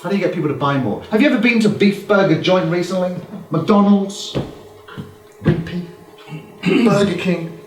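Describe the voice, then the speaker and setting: A man giving a lively, joking business talk to a live audience and acting out customer exchanges. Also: high-pitched, moderate pace, pauses often, faint music behind. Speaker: business speaker. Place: hall with a small audience. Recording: echoey room, from far off.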